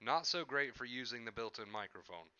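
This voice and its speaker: A man's voice: mid-range voice, lively intonation, brisk, bright, forceful tone, smooth, no echo, dull audio. A man streaming live from home, chatting casually with his viewers into a headset mic and often repeating himself. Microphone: headset microphone.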